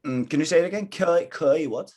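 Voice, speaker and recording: A man's voice: on the high side, quick pace, warm tone. A man teaching a live online Mandarin lesson, switching between English and Mandarin and coaching a student encouragingly. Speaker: Chinese teacher.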